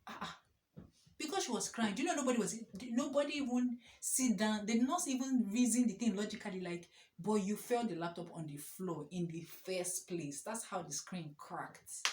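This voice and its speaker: A woman's voice: mid-range voice, moderate pace, a little hiss or hum. Young woman, echoey room. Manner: animated, exclamatory storytelling with laughs. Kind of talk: casual storytime.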